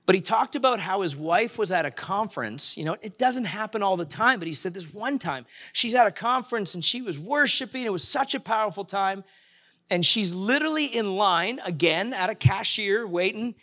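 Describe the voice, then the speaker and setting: A man in middle age delivers a sermon in a chatty, storytelling manner, acting out what people said. His voice sits a little high and sounds bright and forward. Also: animated, moderate pace. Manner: conversational preaching, acts out quoted voices. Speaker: pastor.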